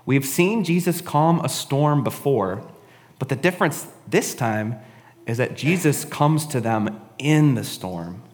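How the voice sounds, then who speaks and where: A man's voice: mid-range voice, animated, takes it slowly, big-room sound. A man giving a casual, conversational sermon, often adding "right?" and "honestly". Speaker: preacher.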